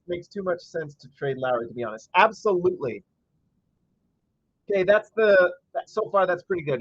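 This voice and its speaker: A man's voice: high voice, a bit bright, husky, no room sound, muffled recording. A man hosting a casual live game-watch stream, chatty and reading viewer comments aloud, breaking into frustrated rants. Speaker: livestream host.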